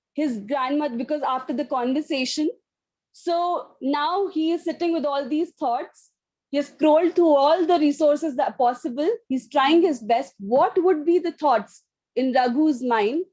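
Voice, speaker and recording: A woman's voice: high voice, normal speed, a little mellow, poor audio. A woman presenting an online training session, reading out audience responses with some hesitation. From India. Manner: reads out audience responses as a child's inner voice; hesitant with fillers. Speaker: webinar presenter.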